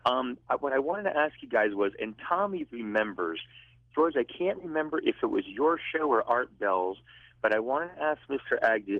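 A male radio caller from Florida who talks in an excited, rambling way. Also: mid-range voice, normal speed, no room sound. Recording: tinny phone line.

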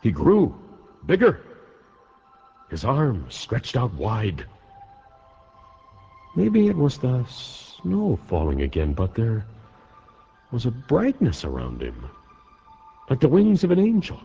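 A man's voice: medium pitch, wildly swooping pitch, takes it slowly, creaky, pauses often, dark tone, husky, soft background music. A man giving a dramatic reading of a wartime letter, with wide swings in his voice. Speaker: reader of a letter. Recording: dull lo-fi recording.

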